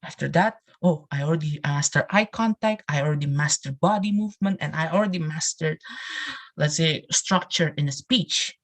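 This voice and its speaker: A man's voice: fairly high pitch, normal speed, a bit bright. A man presenting in a live English class, talking earnestly to his listeners and repeating phrases as he restarts his sentences. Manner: addresses listeners directly with "you know" and "right". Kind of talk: motivational talk.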